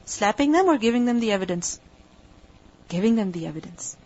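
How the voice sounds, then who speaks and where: A woman's voice: mid-range voice, lively intonation, fairly quick, darkish tone. A woman teaching a religious lecture, explaining each point and posing rhetorical questions that she then answers herself. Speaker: Quran teacher. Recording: dull lo-fi recording.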